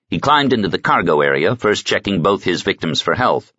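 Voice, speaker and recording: A man narrating an audiobook in a dry, measured storytelling manner. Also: low voice, very animated, sharp tone, no echo, highs cut off. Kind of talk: scripted narration.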